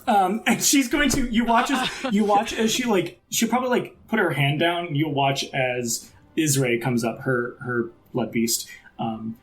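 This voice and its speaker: A man's voice: a little high, a little hiss or hum. A man narrating a tabletop game as game master, in a loose, rambling way full of fillers.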